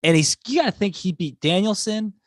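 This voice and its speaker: Male co-host, slightly high voice, dry sound; enthusiastic fan arguing his side. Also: expressive, no echo. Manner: enthusiastic, fast-building arguments with many likes. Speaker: podcast co-host. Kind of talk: casual wrestling talk show chat.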